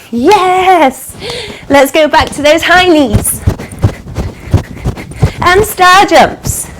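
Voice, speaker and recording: High-pitched, slow, upbeat woman yoga teacher. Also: slight background noise. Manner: upbeat, encouraging, sing-song animal sounds. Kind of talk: live online yoga class for children. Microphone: video call.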